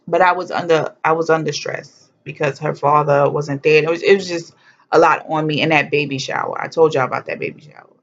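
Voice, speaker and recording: A young woman vlogger with a low voice tells a personal story to camera, casual and animated, blunt and swearing freely as she acts out what people said. The recording has a dull, lo-fi sound.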